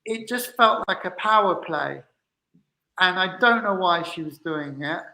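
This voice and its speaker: A man's voice: high voice, animated, unhurried, creaky, sharp tone, roomy sound, low-quality recording. A man co-hosting a candid personal conversation, speaking hesitantly with frequent restarts as he recounts past exchanges. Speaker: co-host.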